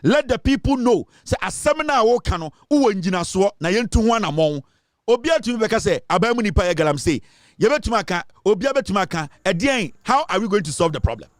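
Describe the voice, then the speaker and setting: A man with a Ghanaian accent delivers forceful, lecturing commentary in a notably high voice. He hammers his points home and slips between English and Twi. The recording is dry and close, with no room sound. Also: expressive, brisk, no echo. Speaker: online commentator. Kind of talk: impassioned social commentary.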